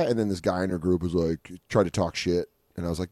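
Low-voiced man telling crude road stories. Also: dry recording, studio quality. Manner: crude and animated, acting out people in quick voices. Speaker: comedy podcast co-host. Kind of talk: casual chat, telling profane stand-up road stories. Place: radio studio.

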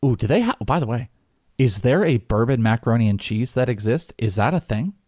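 A man's voice: medium pitch, expressive, fairly quick, a little mellow, no room sound, studio quality. A man co-hosting a casual sports podcast, talking in a rambling, jokey way with filler words. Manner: rambling, jokey, slips into mock voices. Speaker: podcast co-host.

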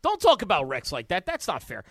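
A man's voice: sits high, huge pitch swings, fairly quick, slightly rough, dry recording, studio quality. A man co-hosting a radio show, teasing the others in jokey banter. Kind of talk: casual studio banter.

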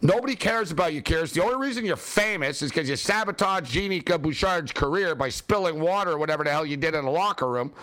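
A high-pitched man talking sports in a loose, ranting way, peppering every sentence with fillers. His delivery is animated and opinionated, a casual chat-show host letting off steam. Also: fast talker, few pauses.

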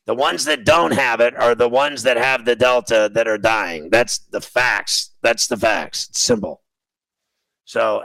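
Male talk host, blunt ranting monologue, crisp and resonant, dry close sound. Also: medium pitch, sharp tone, dry recording, low-quality recording. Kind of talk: opinionated sports talk monologue.

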